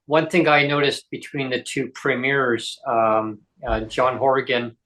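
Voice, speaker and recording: A man's voice: medium pitch, level tone, measured pace, fairly bright tone, slight background noise. A man who is a disability advocate, telling stories in a casual podcast chat and acting out the dialogue he quotes.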